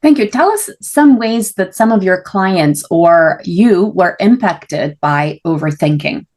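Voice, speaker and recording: A woman's voice: lowish voice, animated, takes it slowly, a little mellow. A woman hosting an interview, asking long, winding questions. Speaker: interview host.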